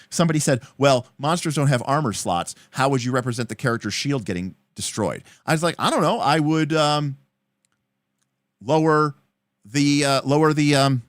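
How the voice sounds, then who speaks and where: A man hosting a livestream, casually answering viewer questions with animated game-master advice. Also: mid-range voice, no room sound. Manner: animated, explanatory, answering chat comments.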